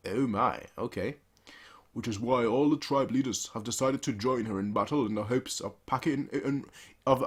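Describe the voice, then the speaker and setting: A man's voice: lowish voice, slightly rough. A man hosting a manga reaction, reading the pages aloud with casual, playful asides.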